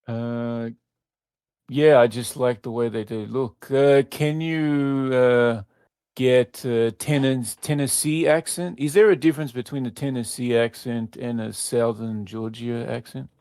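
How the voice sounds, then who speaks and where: A man casually testing a voice assistant, hesitant and halting with many fillers. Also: medium pitch, darkish tone, clear, resonant tone, no echo, clean studio sound. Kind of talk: casual chat.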